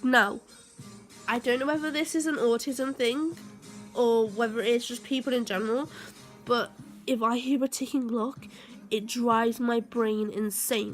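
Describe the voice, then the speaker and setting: A young woman telling a rambling story to her vlog viewers, with many fillers and heated bursts. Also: on the high side. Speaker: vlogger.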